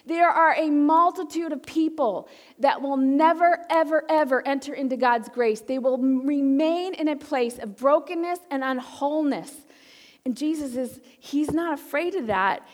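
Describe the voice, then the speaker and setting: A woman preacher delivers an impassioned sermon in a high, bright voice. She pushes hard on her points and then drops to a near hush to draw the listener in. Her words ring out with a long reverb in a large sanctuary. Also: normal speed. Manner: impassioned, swings from loud urging to hushed intimacy.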